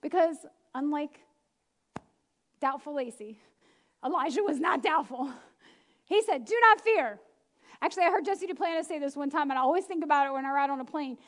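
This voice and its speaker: A middle-aged woman preaching a lively sermon, laughing often and acting out the people she quotes. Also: high voice, a little fast, long pauses.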